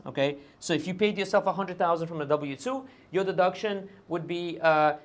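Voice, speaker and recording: A man hosting a live question-and-answer stream as a tax advisor, talking casually and often checking in with "right?" and "okay?" while hedging on fine details. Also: sits high. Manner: hedges on details. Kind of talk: live Q&A explainer.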